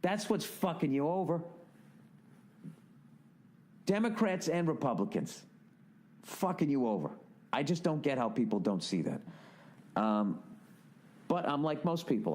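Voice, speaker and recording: A man hosting his own podcast, launching into an exasperated, swear-laden monologue. His voice sits at an ordinary middle pitch. He lands his points with biting sarcasm and mocking asides. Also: lively intonation, moderate pace, long pauses, a little mellow. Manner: profane, exasperated ranting. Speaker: podcast host. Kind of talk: solo podcast rant.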